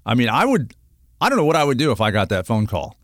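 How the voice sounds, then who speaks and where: A man's voice: mid-range voice, wildly swooping pitch, fast, dry recording, studio quality. A middle-aged man hosting a radio talk segment, talking earnestly and rambling with lots of fillers and restarts. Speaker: radio show host.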